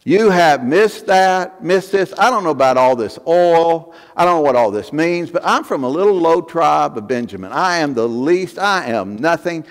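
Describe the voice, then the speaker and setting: A man's voice: a little high, expressive, moderate pace, hardly any pauses, pitched below the performer's own voice. A pastor voicing a timid young man who pleads that he is not worthy, talking with hesitant stops. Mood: pleading doubt. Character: timid young man, doubting and self-deprecating. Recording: long church hall reverb.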